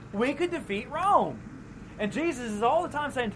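A pastor preaches in a relaxed, conversational way and slips into quoted voices from the story. The voice sits at a middling pitch, with a faint hum of noise behind it. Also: unhurried, low-quality recording. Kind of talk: sermon.

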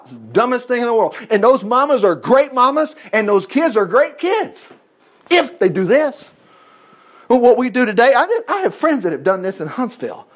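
A man with a high, lively voice leads an informal Bible study. His pitch swings widely as he preaches bluntly and slips into voices to act out the story. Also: normal speed. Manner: blunt, animated, acts out quotes in the voices of others. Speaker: Bible teacher.

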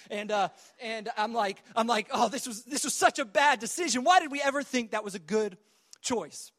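A man's voice: sits high, fairly bright tone. A young man preaching, telling a childhood story in a conversational way full of fillers and restarts. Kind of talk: sermon storytelling.

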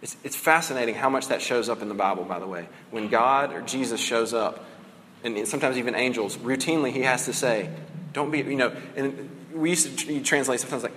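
A man's voice: mid-range voice, normal speed, a bit bright, in a large hall, slight background noise. A man preaching a sermon as a pastor, conversational and casual, often saying "like" and "right?".

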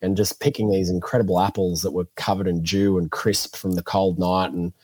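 Aussie guy in his 30s, kinda low voice, dry close mic, acts out his stories. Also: brisk, slightly rough, no echo. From Australia. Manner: animated storyteller, acts out quotes. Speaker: podcast guest. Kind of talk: casual storytelling interview.

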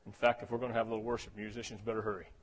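A man preaching a sermon as pastor, swinging between soft low passages and loud shouted ones, often calling out "Amen?". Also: level tone, very fast, breathy edge. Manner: calls for "Amen?" responses.

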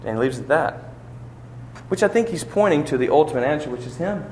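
A pastor preaches with wide swings of pitch, his voice climbing high and loud at the peaks of each point. He asks his listeners rhetorical questions. The sound carries a long reverb from a large hall. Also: lively intonation, fast talker, a little hiss or hum. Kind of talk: sermon.

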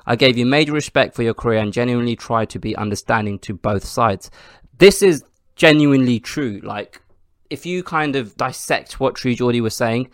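A man's voice: medium pitch, dry recording, studio quality. A man hosting his own podcast, chatting casually through the week's news with lots of ums and asides. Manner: chatty, restarts often with ums and rights. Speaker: podcast host.

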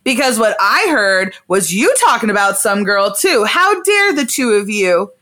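A woman's voice: medium pitch, measured pace. A woman hosting a casual comedic recap of a play, telling it in slangy modern voices. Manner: animated, puts on slangy voices for characters. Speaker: podcast host retelling a play.

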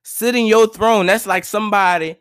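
Man, motivational podcast host, preachy and repetitive, high voice, dry close sound. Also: steady tone, normal speed, fairly bright tone, clear, resonant tone, no echo. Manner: repetitive, preachy, conversational slang, stumbles and restarts. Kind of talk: casual motivational monologue.

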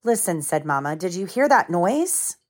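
A woman's voice: lowish voice, very animated. Mother reading a picture book aloud. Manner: pauses to explain the story to children in plain words. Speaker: mother reading to her children.

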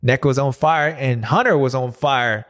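A man hosting a loose, chatty race recap. His pitch swings a lot, and he often jumps into high, mocking voices to act out what riders said. He talks the way someone who has raced himself talks about it. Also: moderate pace, a bit bright. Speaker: podcast host and former racer. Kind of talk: casual race recap commentary.

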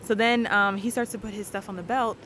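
Speaking fast and casually, a woman tells a story as a guest. She's animated, slipping into the voices of her own thoughts and of the people she quotes. A steady rumble runs beneath the recording.

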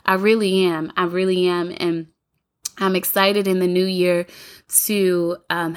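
A woman's voice: on the low side, a bit bright. Earnest woman hosting a faith podcast. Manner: earnest, encouraging, repeats phrases for emphasis. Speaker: podcast host. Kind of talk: faith-based motivational podcast talk. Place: home apartment, city sirens outside.

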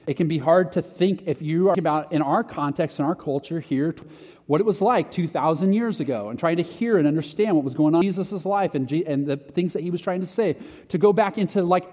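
A man's voice: on the high side, mellow. A man preaching a conversational sermon, talking casually and poking fun at himself. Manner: conversational, self-deprecating preaching with restarts. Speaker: pastor. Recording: long hall reverb.

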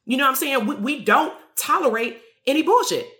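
A woman coach talks straight at her listeners, blunt and emphatic, with curse words thrown in. Her voice sits on the high side and sounds bright and forceful. The room around her gives a clear echo. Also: lively intonation, brisk. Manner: blunt, emphatic, swears freely. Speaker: business coach. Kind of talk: motivational monologue. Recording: roomy echo.

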